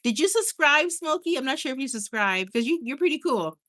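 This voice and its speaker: A woman's voice: high voice, brisk. Chatty woman laughing on a late-night livestream. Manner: chatty and animated, laughs often, stumbles and restarts. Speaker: YouTuber hosting a livestream. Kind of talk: casual livestream chat reading viewer comments.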